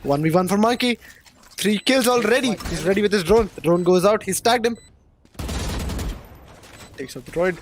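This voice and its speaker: A man doing play-by-play commentary on an esports match, getting excited and loud on big plays. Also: sits high, normal speed, pauses often, noisy background. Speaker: esports caster.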